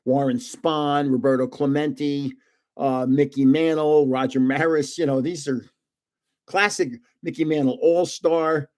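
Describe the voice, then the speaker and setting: An older man hosts a relaxed live stream. His voice sits a little higher than most men's. He rambles through stories and chuckles often as he talks. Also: unhurried. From North Jersey, United States. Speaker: livestream host. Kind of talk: casual live-stream chat and storytelling.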